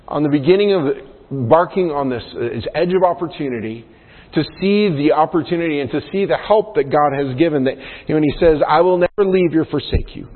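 A man preaching a sermon as pastor, earnest, often putting questions to the congregation. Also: fairly high pitch. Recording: tinny phone-like sound with long hall reverb.

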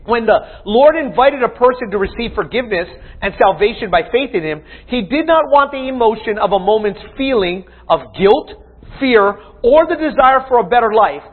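A man's voice: very high-pitched, lively intonation, normal speed, husky. A man preaching a sermon as pastor, teaching with emphatic questions to his congregation. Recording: tinny phone-like sound.

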